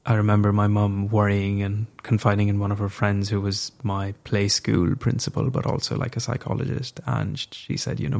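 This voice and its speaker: A man's voice: lowish voice, flat delivery, normal speed, vocal fry, hardly any pauses, a little mellow. A young man telling a personal story as a podcast guest, frank and reflective, swearing casually.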